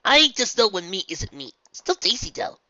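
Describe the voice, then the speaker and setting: A man voicing a brash, food-loving young male pirate pony in a loud, eager, raised voice. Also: sits high, sing-song, normal speed, dry recording, pitched above the performer's own voice, full character voice. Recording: dull lo-fi, dry.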